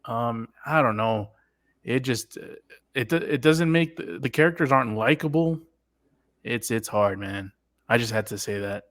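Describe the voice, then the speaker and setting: A man co-hosting a casual podcast discussion, speaking haltingly with many restarts as he airs frank complaints. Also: medium pitch, a bit bright. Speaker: podcast co-host.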